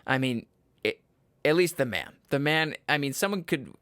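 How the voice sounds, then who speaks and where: A young man from Michigan's Upper Peninsula hosting his own podcast, rambling and cutting himself off, laughing at his own jokes and breaking into loud yells. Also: medium pitch, animated, moderate pace, smooth, no room sound. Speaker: podcast host. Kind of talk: casual solo podcast chat.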